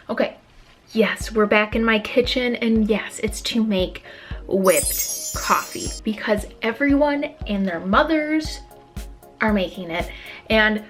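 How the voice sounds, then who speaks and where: A woman's voice: fairly high pitch, takes it slowly, a bit bright, soft background music. A young woman vlogging casually from her home kitchen, chatty and jokey with rambling asides, recorded on a phone. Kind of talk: casual cooking vlog.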